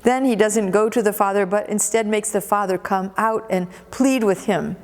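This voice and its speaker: A woman pastor delivers a sermon with expressive, storytelling emphasis, often doubling words as she builds a point. Her voice sits at an ordinary middle pitch for a woman. It carries a long reverb from a church sanctuary. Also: normal speed.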